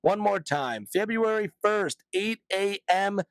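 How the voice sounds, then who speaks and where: Higher-voiced man hosting a loose podcast. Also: expressive, slow pace, no echo. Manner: loose, joking, promotional. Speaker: podcast host. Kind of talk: casual podcast chat.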